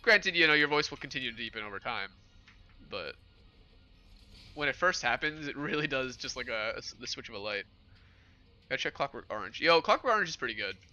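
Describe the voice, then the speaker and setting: A young man hosting a livestream, chatting casually with his chat in a relaxed, rambling way. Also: medium pitch, brisk, long pauses, dull audio, faint music behind. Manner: relaxed rambling with fillers and laughs. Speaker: livestream host. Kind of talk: casual stream chat with chat readers.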